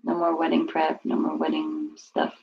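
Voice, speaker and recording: A woman's voice: sits low, monotone, moderate pace, vocal fry, a little hiss or hum. A woman teaching Spanish to a class over a video call, explaining patiently and encouraging students. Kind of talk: online class instruction. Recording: dull lo-fi call audio.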